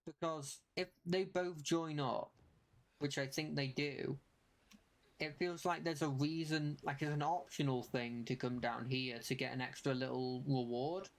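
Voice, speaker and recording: A young adult streamer narrates live gameplay in a mid-pitched voice, muttering to themselves and rattling off the same spell call again and again. Nearly every sentence tilts upward at the end as if it were a question. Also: steady tone. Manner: talks to self, repeats spell calls rapidly. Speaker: game streamer.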